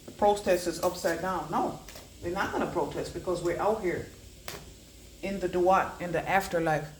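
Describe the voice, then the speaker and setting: A woman giving a channelled oracle card reading. She rambles and repeats words in chanting bursts, swinging between low murmurs and loud declarations. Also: moderate pace, a little hiss or hum. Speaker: psychic oracle card reader. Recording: echoey room.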